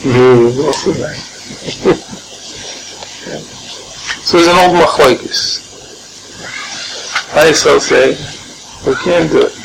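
Gravelly, slightly high-voiced man teaching. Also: takes it slowly, pauses often. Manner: animated, rhetorical questions, chuckles often. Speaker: Torah teacher. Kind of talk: informal Torah class. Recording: noisy background.

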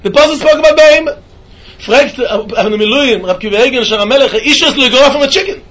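A man teaching a Talmud lesson in a yeshiva style, with an animated singsong delivery. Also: very high voice, very fast. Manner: animated singsong, mixing Yiddish and Hebrew terms.

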